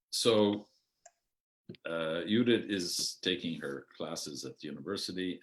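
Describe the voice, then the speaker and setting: An older Canadian man with a very low, deep voice tells long stories about his life in theatre, pausing often with ums and restarting his sentences. He talks slowly over a video call and now and then slips into other people's voices. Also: fairly bright tone. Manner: unhurried and hesitant, with many ums and restarts, mimicking voices in anecdotes. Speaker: outgoing artistic director telling his theatre life. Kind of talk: rambling spoken memoir.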